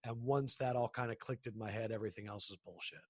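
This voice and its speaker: A sports broadcaster in his thirties, telling stories in a casual interview, animated and acting out the people he quotes. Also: fairly low pitch, fast talker, breathy edge, no room sound, clean studio sound. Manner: animated, acts out quoted people, frequent restarts.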